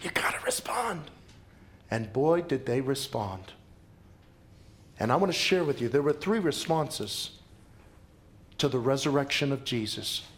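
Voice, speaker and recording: A man preaching a sermon as a pastor, telling stories dramatically and repeating lines for emphasis. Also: medium pitch. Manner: dramatic storytelling with emphatic repetition.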